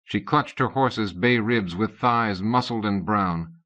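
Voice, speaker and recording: On a dull, low-fidelity cassette recording, a male narrator reads an audiobook script at a steady, measured pace. He raises his voice higher for the characters' lines.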